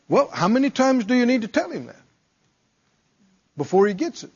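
A man's voice: extremely high pitch, sing-song, normal speed, pauses often, husky, muffled recording. A male preacher delivering a dramatic sermon, acting out pleading prayers and firing off rhetorical questions in folksy phrasing.

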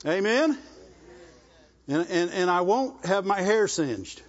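Rural Southern preacher, man, high voice, repeats himself and calls for amens, dull lo-fi recording. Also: sing-song, takes it slowly. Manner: exhorting, repetitive, asks the congregation "Amen?". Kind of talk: sermon.

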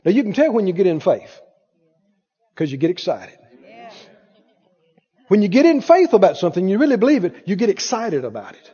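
A man's voice: high voice, wildly swooping pitch, fairly quick, pauses often, mellow, slightly rough. A man preaching a sermon as pastor, with fervent, repeated declarations. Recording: dull sound in a reverberant hall.

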